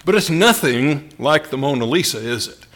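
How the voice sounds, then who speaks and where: A man preaching a sermon to a congregation in slow, deliberate phrases with pauses for emphasis. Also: on the high side, expressive, a bit bright.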